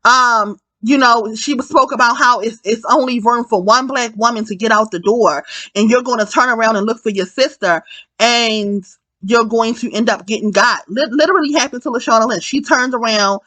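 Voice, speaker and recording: A woman giving a casual spoken film review, animated and profane, often repeating herself and correcting her words. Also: fairly high pitch, normal speed, dry recording.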